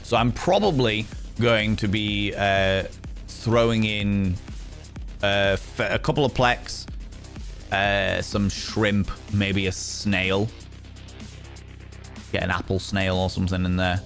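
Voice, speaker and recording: A man's voice: fairly low pitch, slow pace, gravelly, pauses often, fairly bright tone, soft background music. A man streaming live and chatting casually, playfully teasing and greeting his viewers by name.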